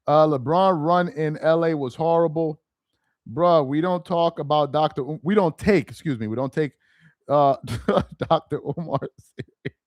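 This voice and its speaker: A man's voice: fairly high pitch, normal speed, darkish tone, dry recording. A young man hosting a casual livestream, reading chat aloud with slangy, incredulous banter and frequent laughter.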